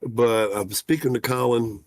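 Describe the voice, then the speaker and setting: A man's voice: medium pitch, fairly even intonation, a little slow, no echo. A man hosting a casual livestream talk show as a fishing guide, folksy and rambling, with lots of "uh" fillers.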